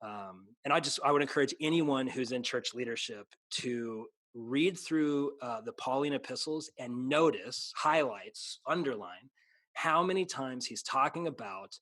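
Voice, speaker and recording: Talking earnestly in a casual conversation, this male pastor keeps restarting sentences and lapsing into a preacher's rhythm. His mid-range voice is a bit bright and measured in pace, captured in a dry recording.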